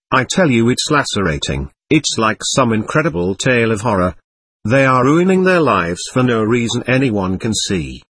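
A male narrator doing a middle-aged society lady in an audiobook, nervous and effusive, talking in quick anxious bursts. The voice swings widely in pitch and has a husky edge. It sounds dry and close. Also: a bit bright, no echo.

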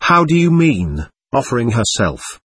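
A man reading a timid, grieved young man pleading with his brother, in a husky voice. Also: mid-range voice, very animated, a little slow, fairly bright tone, heavily acted.

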